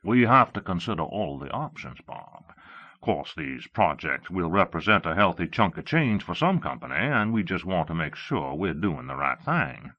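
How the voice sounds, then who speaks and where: A man's voice: deep voice, very animated, normal speed. A man reading a big, friendly army colonel. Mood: genial. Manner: big, friendly, smooth-talking. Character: burly, bluff male army colonel. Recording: dull lo-fi cassette audio.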